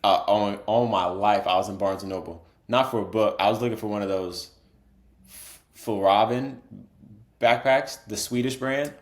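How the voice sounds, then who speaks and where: A man's voice: fairly low pitch, steady tone, brisk, few pauses, roomy sound. A man co-hosting a podcast in casual chat, laid-back and rambling, laughing often. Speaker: podcast co-host.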